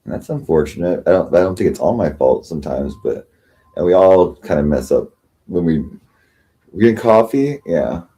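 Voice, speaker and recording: Tired, rambling deep-voiced man. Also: lively intonation, mellow, husky. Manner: rambling, halting, many restarts and profanity. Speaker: livestream host. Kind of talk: casual livestream chat.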